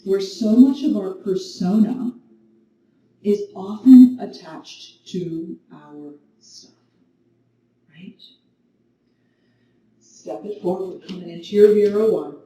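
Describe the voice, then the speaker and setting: Slow, mellow woman teaching yoga. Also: medium pitch. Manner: calm, gentle spoken cues. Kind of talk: guided yoga class with storytelling. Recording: very echoey room, mic at a distance, faint noise.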